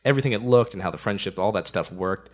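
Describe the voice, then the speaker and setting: A man's voice: lowish voice, quick pace, a little mellow. A young man co-hosting a casual podcast chat, laughing often and repeating words as he tells stories. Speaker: podcast co-host.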